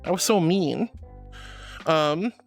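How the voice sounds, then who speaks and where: A woman's voice: on the low side, slow pace, soft background music. A woman streaming live and chatting with her viewers, playful and theatrical, calling them darling and honey. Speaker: virtual streamer.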